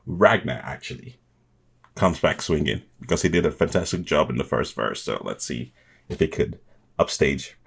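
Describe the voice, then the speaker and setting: A man's voice: a bass voice, animated, normal speed, creaky, slightly rough. A man hosting a reaction video, chatting casually with enthusiasm and chuckles, often restarting his sentences.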